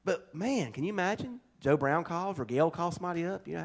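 A man with a high, light voice preaches to his congregation in a relaxed, homespun way. He jokes and drifts into chatty asides as he talks. It sounds like a pastor at a Sunday service. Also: a little fast, gravelly. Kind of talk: folksy conversational sermon. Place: church service.

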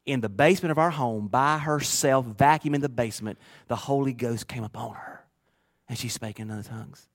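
A man pastor preaching a sermon through personal stories, earnest and emotional, moving from quiet to loud. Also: mid-range voice, brisk. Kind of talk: storytelling sermon.

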